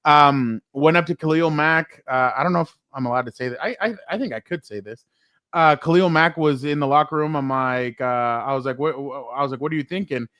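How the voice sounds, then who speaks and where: A man hosting a casual sports talk show, telling animated stories full of fillers and acted-out quotes. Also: medium pitch, brisk, clean tone, dry recording, studio quality. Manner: animated storyteller, many likes and fillers.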